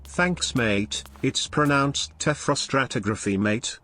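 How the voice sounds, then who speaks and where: A man's voice: medium pitch, expressive, extremely slow, fairly bright tone, voice pushed down. A man putting on a drawling mock-Aussie tip bot. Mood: laid-back. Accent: mock Australian. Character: male chat-bot reading tips, mock Australian. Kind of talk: reading out viewer tips.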